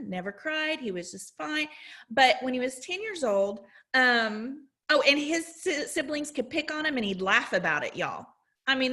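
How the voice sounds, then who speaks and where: A woman in her forties sharing a faith-filled testimonial as an essential oils educator, telling her stories in an animated, exclamatory way. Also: sits high.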